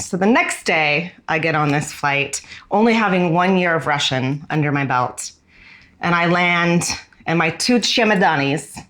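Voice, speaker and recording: A woman in her forties from the United States, a fashion designer, telling a personal story in a candid, reflective way that often slows down on key words. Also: on the low side, fairly bright tone.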